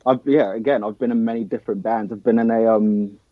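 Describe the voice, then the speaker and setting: A young man from Nigeria chats about his drumming in a low, level voice, loose and filler-heavy. The sound is dry and a little dull, like a remote call. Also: brisk, dry recording. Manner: relaxed, filler-heavy, says man and dude. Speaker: band drummer. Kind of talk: casual interview chat.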